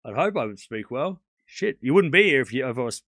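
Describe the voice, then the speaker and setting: Male streamer host, casual live tennis play-by-play, bright and forceful tone, dry close sound; calls the points, then chats with viewers between rallies. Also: mid-range voice, very animated, fairly quick, no echo.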